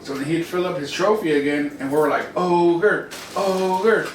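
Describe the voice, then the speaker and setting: A man's voice: a little high, fast talker. A young man in his twenties trades party stories on a podcast, cursing casually and jumping into quoted voices. He sits back from the mic in an echoey room with a noisy background. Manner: animated, profane, acts out quoted voices. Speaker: podcast co-host. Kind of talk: casual storytelling chat. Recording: roomy, distant mic, noisy.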